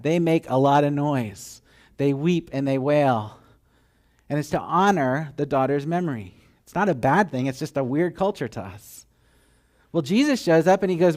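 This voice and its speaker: A man preaching a sermon, telling the story with animated acted-out voices and dropping to a hushed, tender tone at moments. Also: on the high side. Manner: drops to soft, hushed tones for tender moments. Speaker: pastor.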